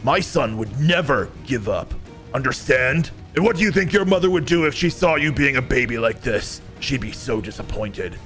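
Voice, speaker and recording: A man's voice: mid-range voice, animated, moderate pace, a bit bright, soft background music, pitched below the performer's own voice, lightly acted. A man voicing a gloating supervillain father who mocks and taunts others in a sneering way. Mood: scornful. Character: gloating male supervillain father, cruel and mocking.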